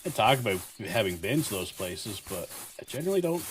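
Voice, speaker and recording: Rambling, swearing gaming host. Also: male voice, on the low side, very animated, a little fast, a little hiss or hum. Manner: rambling, profane, heavy use of fillers. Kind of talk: casual storytelling while playing.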